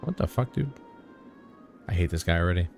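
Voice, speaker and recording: A man with a fairly low voice gives casual live commentary while he plays a video game. He is blunt and sarcastic and swears freely. Soft game music plays faintly under his voice. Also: animated, fairly quick. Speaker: game streamer.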